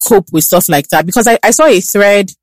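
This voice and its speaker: A woman's voice: mid-range voice, fairly quick, no room sound. A woman, asking thoughtful, somewhat hesitant questions in a casual chat. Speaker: podcast co-host.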